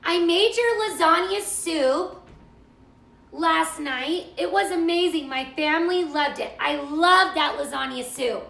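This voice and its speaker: A middle-aged woman chats her way through a live cooking stream, gushing and answering viewer comments. Her voice sits high and bright, with a gravelly edge of fry. The sound is roomy and echoey. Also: unhurried. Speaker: cooking show host.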